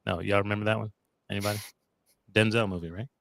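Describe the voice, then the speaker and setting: A man's voice: fairly low pitch, fairly even intonation, quick pace, vocal fry, fairly bright tone, no echo. A man hosting a livestream in a casual, playful chat, full of joking asides. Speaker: host of a livestream show.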